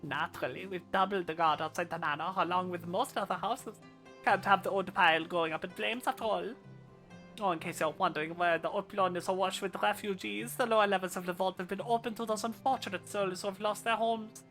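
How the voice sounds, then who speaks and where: A woman's voice: medium pitch, a little fast, a bit bright, soft background music, natural voice. Woman doing a plummy posh male noble. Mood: teasing. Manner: plummy upper-class drawl. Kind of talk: reading game dialogue aloud.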